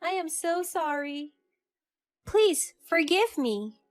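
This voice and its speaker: A woman's voice: sits high, lively intonation, unhurried, dry recording, pitched above the performer's own voice. A woman voicing a scheming mother-in-law who pleads and begs in a narrated story. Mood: pleading.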